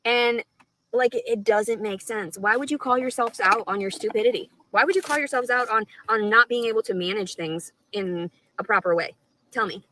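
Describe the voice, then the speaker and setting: A woman's voice: on the high side, moderate pace, sharp tone, a little hiss or hum, rough recording. A woman talking straight to her live stream audience, rambling and swearing a lot, with an aggrieved tone. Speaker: livestreamer.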